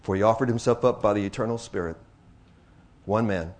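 A man with a fairly low voice delivers a sermon to his congregation. He hushes and slows at some points and builds to loud, excited exclamations at others, repeating phrases for emphasis.

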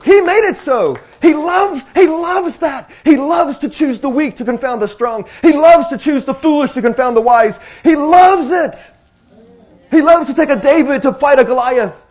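A male preacher with an extremely high voice speaks to his congregation. He alternates hushed, slow sections with loud, excited cries, often repeating phrases for emphasis.

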